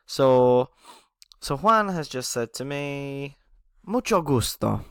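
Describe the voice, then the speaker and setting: A man's voice: medium pitch, expressive, takes it slowly, a bit bright, clean tone, no room sound, clean studio sound. A man teaching a beginner language lesson, explaining patiently, often checking in with "okay?" and chuckling at himself.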